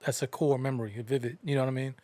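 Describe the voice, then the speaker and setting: A man's voice: mid-range voice, fairly even intonation, rapid-fire, warm tone, dry recording. A man hosting a podcast, telling stories casually with lots of fillers. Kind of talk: casual podcast chat, storytelling.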